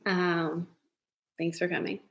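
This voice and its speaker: A woman's voice: lowish voice, flat delivery, slow, noisy background. A middle-aged woman hosting a casual live broadcast from her dining room, chatty and emotional, laughing often. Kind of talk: casual live-stream chat.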